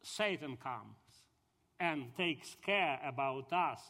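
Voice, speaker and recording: Slow Russian-accented man in an echoey hall. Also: mid-range voice, animated, bright, forceful tone. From Ukraine. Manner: halting, searching for English words. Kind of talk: sermon.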